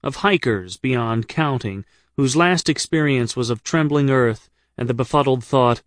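A medium-pitched male voice, a little slow, recorded dry and close to the mic. He's an American narrating his own comic travel memoir in first person, with wry, dry storytelling.

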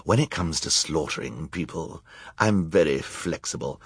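A man's voice: rumbling low, normal speed, husky, dry recording, clean studio sound, full character voice. A man voicing a greedy, villainous count who snarls and roars threats in a storybook reading. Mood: menacing. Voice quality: snarling, menacing.

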